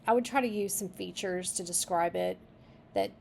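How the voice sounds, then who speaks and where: A woman's voice: on the low side, normal speed, gravelly, a little mellow, a little hiss or hum. A woman reading a story draft aloud and stopping to suggest edits, thinking aloud as she goes. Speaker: writing critic reading a manuscript. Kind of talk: reading aloud with editing feedback.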